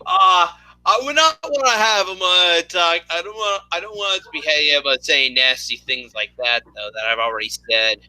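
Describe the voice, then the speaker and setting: A man's voice: on the high side, moderate pace, pushed and bright, dry recording, poor audio. A man co-hosting a casual podcast chat, telling rambling stories with many restarts. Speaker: podcast co-host.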